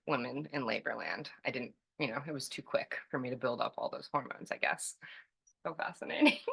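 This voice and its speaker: Bright-voiced woman telling a story. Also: deep voice, vocal fry. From California. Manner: chatty, many "like"s, laughs often. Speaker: podcast guest. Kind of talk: casual storytelling.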